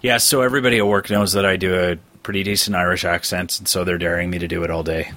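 A man's voice: low-pitched, fairly even intonation, fast, pushed and bright, no room sound. A man co-hosting a casual podcast, talking in a playful, jokey, rambling way. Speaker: podcast co-host. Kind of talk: casual chat.

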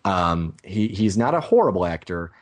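A man co-hosting a casual movie review podcast, talking in an animated, rambling way and breaking off his own sentences. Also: low-pitched, moderate pace. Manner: animated, rambling, self-interrupting. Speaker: podcast co-host.

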